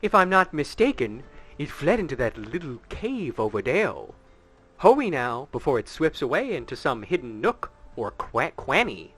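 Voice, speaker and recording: A man voicing a fussy male guild official with a lisping, high cartoonish voice while reading game dialogue aloud. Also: sing-song, normal speed, fairly bright tone, husky, full character voice.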